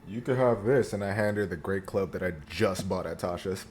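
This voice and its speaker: A man's voice: low voice, brisk, a little mellow, slightly rough. A man playing a tabletop game, talking casually and bluntly. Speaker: player.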